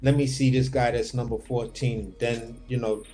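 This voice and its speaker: A man's voice: medium pitch, flat delivery, moderate pace, warm tone, soft background music. A man hosting a casual boxing talk over a remote livestream call, laid-back and rambling, swearing offhand. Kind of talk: casual chat.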